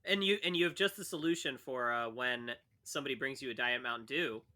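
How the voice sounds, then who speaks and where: A man's voice: medium pitch, fairly quick, bright, forceful tone. A man co-hosting a podcast in casual chat, throwing in dry jokey quips. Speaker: podcast co-host.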